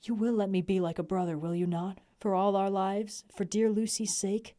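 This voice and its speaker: A woman voicing a grieving young gentleman from a classic novel, speaking in an earnest, measured way. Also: mid-range voice, steady tone, lightly acted.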